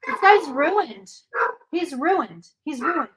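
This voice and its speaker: A woman's voice: high-pitched, animated, slow, fairly bright tone, poor audio. A woman hosting a casual psychic livestream from home, chatting loosely, repeating herself and answering viewer questions. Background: dog barking.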